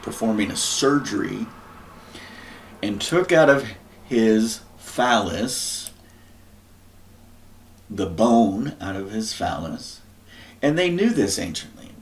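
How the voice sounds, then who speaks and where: A man thinking aloud through a scripture and word study, often clearing his throat. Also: fairly low pitch, expressive, takes it slowly, long pauses. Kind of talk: musing scripture study talk.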